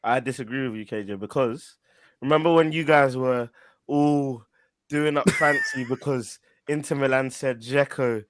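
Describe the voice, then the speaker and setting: Man, football fan panel guest, argumentative, animated pitch. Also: normal speed, dry recording. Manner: insistent, argumentative. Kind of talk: casual football fan chat.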